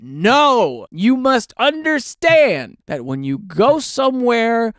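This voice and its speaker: A man doing comic commentary on online posts, animated and mock-exasperated, slipping into silly voices. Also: extremely high pitch, takes it slowly, dry recording, clean studio sound. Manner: drops into silly quoted voices. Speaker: comedy commentator.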